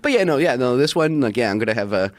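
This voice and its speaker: A man's voice: medium pitch, lively intonation, fast, dry recording. A young man being interviewed, rambling casually with lots of likes and yeahs.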